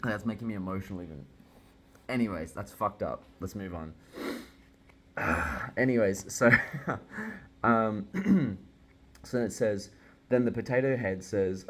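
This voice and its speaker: A man with a deep, low voice talks through a manga chapter in a loose, casual reaction style. He gets worked up easily and swears freely as he reacts. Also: slow, pauses often. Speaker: manga reviewer.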